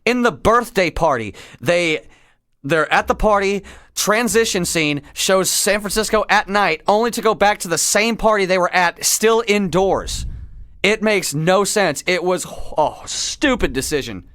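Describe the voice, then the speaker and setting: Exasperated high-voiced man, dry sound. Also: lively intonation, measured pace, a bit bright, clear, resonant tone, dry recording. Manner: exasperated, incredulous ranting. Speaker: podcast co-host. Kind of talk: casual movie-review chat.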